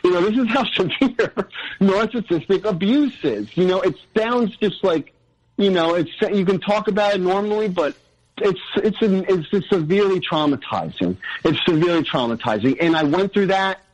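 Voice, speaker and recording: A man's voice: high voice, expressive, moderate pace, highs cut off. A man telling his own story in a casual, earnest way, rambling with many restarts and tangents. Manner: earnest, frequent "you know".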